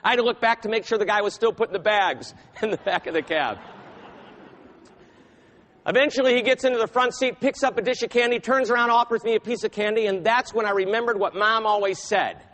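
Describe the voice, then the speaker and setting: A man giving a keynote speech, telling a story in a dramatic, animated way. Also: high voice, fairly quick, big-room sound. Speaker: keynote speaker.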